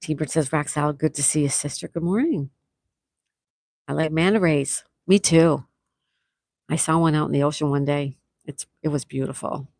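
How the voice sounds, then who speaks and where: A woman's voice: deep voice, normal speed, darkish tone, dry recording, studio quality. A woman hosting a casual livestream, chatting and reading out viewer comments, laughing often. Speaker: livestream host.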